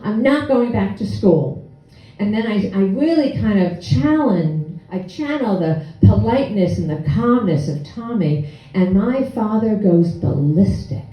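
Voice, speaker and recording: Animated woman telling a story in a hall. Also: medium pitch. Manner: animated, wry, acts out her own past lines. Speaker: storyteller on stage. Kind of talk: live personal storytelling. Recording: echoey hall, distant dull mic.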